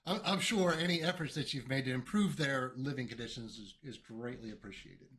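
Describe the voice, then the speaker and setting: A man running a tabletop game as game master, talking haltingly with many fillers and restarts. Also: medium pitch, a bit bright, a little hiss or hum.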